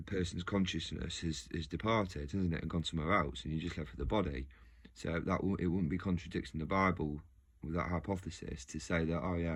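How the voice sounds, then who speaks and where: A man musing casually to his video audience, rambling and restarting his sentences. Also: low voice. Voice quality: rambling, self-interrupting, frequent restarts. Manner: animated, laughs often. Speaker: video host.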